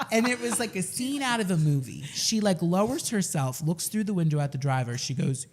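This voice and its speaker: A man's voice: high voice, expressive, a little fast, few pauses. A man in his twenties, a podcast co-host telling a story in casual chat, self-mocking and laughing as he goes.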